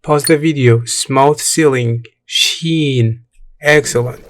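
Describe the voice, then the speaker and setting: A man teaching a beginner language lesson, repeating each word and praising the learner between drills. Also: mid-range voice. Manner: encouraging, repeats each word slowly for practice. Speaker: Arabic teacher.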